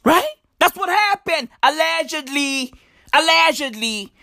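A young woman with a South African accent riffs through stand-up comedy, profane and full of slang. Her voice sits high and her delivery is slow and drawn out. The sound is dry and close, with no room around it. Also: animated, fairly bright tone, no echo.

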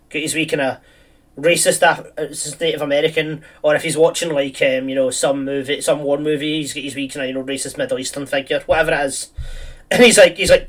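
A man's voice: a little high, distant mic. A man chatting casually, rambling through a film plot with lots of fillers and restarts.

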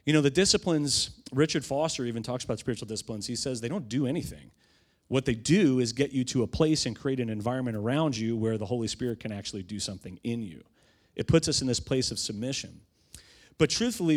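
A middle-aged pastor preaching a sermon, telling stories conversationally and swelling into emphatic proclamation. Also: male voice, medium pitch.

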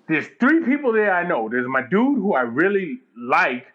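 A man with a fairly high, lively voice tells a long profane story over a dull lo-fi recording. He acts out the people in it as he goes, rising and dropping with each turn. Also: moderate pace, slight background noise. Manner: animated, profane, mimics people in his story.

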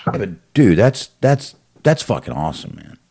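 Low-voiced man rambling casually on a video call. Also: big pitch swings, normal speed, warm tone, husky. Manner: loose and profane, rambling with fillers. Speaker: podcast co-host. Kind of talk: casual chat.

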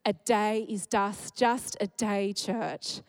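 A woman's voice: medium pitch, fairly even intonation, slow, dry recording, low-quality recording. A woman, giving a heartfelt sermon at church, candid and emotional and often laughing. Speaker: speaker at church.

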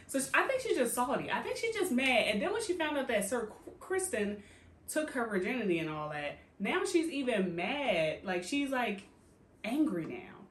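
Animated, slangy woman recapping a show. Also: a little high, normal speed, echoey room. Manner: animated storyteller, acts out quoted characters; slangy, profane, laughs often. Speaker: podcast co-host. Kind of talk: casual chat recapping a TV show.

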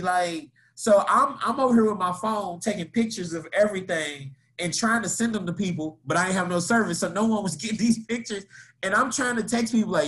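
A young man from Kentucky, co-hosting a podcast and telling a story in casual, slangy talk. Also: moderate pace. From Kentucky, USA. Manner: animated, slangy, laughing, jumps into high voices for quotes. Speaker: podcast co-host.

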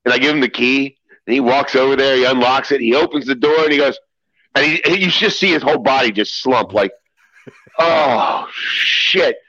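A man co-hosting a podcast, telling a story in excitable casual chat with swearing. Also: mid-range voice, fast, no room sound, lo-fi sound. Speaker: podcast co-host.

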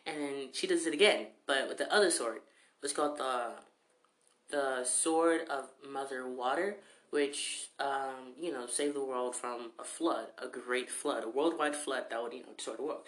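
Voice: mid-range voice, moderate pace, a bit bright. Rambling casual anime recap. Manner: rambling, many fillers like "you know" and "like". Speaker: anime fan recapping an episode. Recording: roomy echo.

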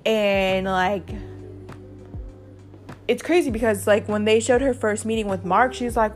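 A young woman hosts her podcast in loose, unscripted chat, blunt and gossipy, with plenty of swearing and "like" scattered through every sentence. Her voice sits at a middle pitch for a woman. Faint music plays softly underneath. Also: unhurried. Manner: gossipy, blunt, swears freely, heavy use of "like". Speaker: podcast host. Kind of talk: casual chat.

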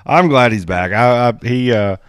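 A man's voice: mid-range voice, normal speed, smooth, dry recording, clean studio sound. A man, hosting a casual chat in a blunt, joking, folksy way. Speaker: podcast host. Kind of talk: casual chat about off-road racing.

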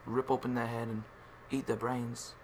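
A man with a Scottish accent playing a boastful, rambling tall-tale teller in an improvised comedy sketch, deadpan and repetitive. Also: mid-range voice, moderate pace, a little hiss or hum, lightly acted. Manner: deadpan, rambling, repeats himself.

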